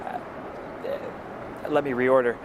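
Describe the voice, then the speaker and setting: A man doing an impression of a male politician who speaks haltingly and fills every pause with "uh". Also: mid-range voice, little pitch movement, natural voice. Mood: evasive. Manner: hesitant, many filler uhs. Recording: noisy clip with traffic outside.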